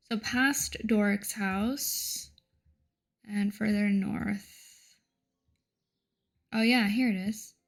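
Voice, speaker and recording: A woman's voice: medium pitch, vocal fry. A young woman giving joking, self-mocking, chatty commentary while playing a game. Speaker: gaming streamer.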